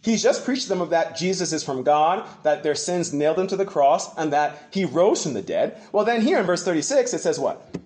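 A man preaching a sermon, asking questions back to his congregation in an animated way. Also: a little high, a little fast. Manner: animated, call-and-response with the congregation. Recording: echoey room.

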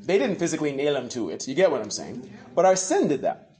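A man preaching a sermon, asking questions back to his congregation in an animated way. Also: a little high, fast. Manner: animated, call-and-response with the congregation. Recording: echoey room.

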